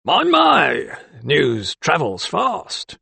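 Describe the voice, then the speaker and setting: Male narrator voices a blunt, mean prison keeper; forceful, dry studio sound. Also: medium pitch, animated, quick pace, gravelly, no room sound, heavily acted. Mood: gruff. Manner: barking, forceful delivery.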